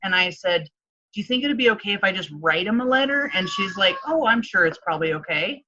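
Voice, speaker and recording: A woman's voice: medium pitch, lively intonation, fairly quick, pushed and bright, dull audio, slight background noise. A woman life coach telling a candid personal story in an interview, full of fillers and acted-out quotes. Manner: emotional storytelling with many fillers, acts out quotes.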